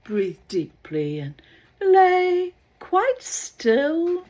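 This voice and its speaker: A woman voicing a panicking drowning man in a comic poem, calling out in high, pleading cries. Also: wildly swooping pitch, drawn-out words, darkish tone, heavily acted. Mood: resigned. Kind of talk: comic poem read aloud.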